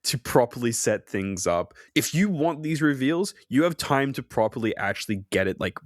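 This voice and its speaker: A man's voice: medium pitch, normal speed, no echo. Young aussie guy going off about a movie plot, mid voice, dry sound. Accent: Australian. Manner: animated, ranting, exasperated critique. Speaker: podcast co-host. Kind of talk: casual film review chat.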